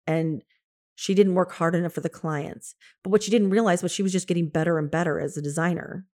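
A woman in her fifties, an interior designer and coach, telling stories from her career in an animated way, laughing often and acting out what she said to others. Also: fairly low pitch. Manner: animated, laughs often, quotes herself in lively asides. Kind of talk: casual storytelling.

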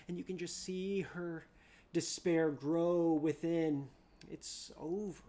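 A preacher giving a dramatic sermon, repeating phrases, rising loud then dropping to a hush. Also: medium pitch, a little slow.

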